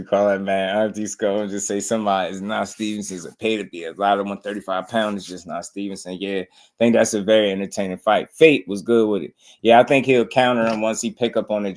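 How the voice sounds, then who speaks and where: A man hosting a boxing talk show, chatting in a casual, slangy way and often laughing. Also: lowish voice. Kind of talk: casual commentary.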